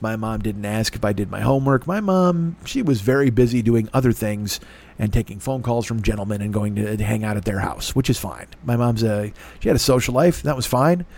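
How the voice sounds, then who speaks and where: With a rough throat and a blocked-up nose, this middle-aged man hosts a podcast, wandering through a crude, self-mocking comedic monologue. His voice sits in the middle range and is slightly mellow.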